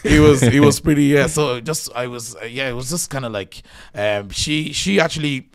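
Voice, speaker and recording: A man in his thirties from Nigeria, a podcast guest telling lively stories laughter and acted-out voices. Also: mid-range voice, moderate pace, crowd noise. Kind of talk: casual storytelling interview.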